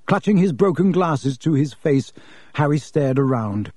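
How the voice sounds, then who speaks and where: A man narrating an audiobook in a steady, measured way. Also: on the high side, husky, dry recording.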